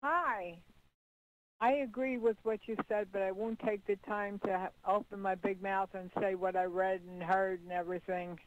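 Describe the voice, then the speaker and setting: A woman's voice: mid-range voice, fairly even intonation, moderate pace. A woman calling in to a radio show, chatting in a bubbly, amused way. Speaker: caller. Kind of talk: phone-in chat. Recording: dull phone line with faint hiss.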